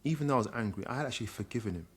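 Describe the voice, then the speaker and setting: A man's voice: medium pitch, expressive, very fast, breathy edge. A middle-aged man, a guest, candidly telling a personal story in a reflective way. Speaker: guest, social worker.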